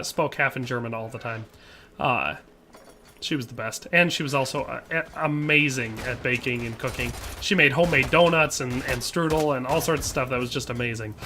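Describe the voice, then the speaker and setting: A man's voice: on the high side, pushed and bright, a little hiss or hum. A man, chatting casually and rambling with jokes while streaming a game and reading chat aloud. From Wisconsin, USA.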